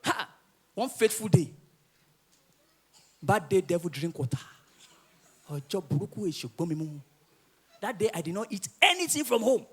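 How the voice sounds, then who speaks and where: High-voiced, laughing Nigerian comedian. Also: male voice, normal speed, pauses often, breathy edge. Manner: animated storytelling, often laughing through his lines. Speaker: stand-up comedian. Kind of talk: live stand-up comedy.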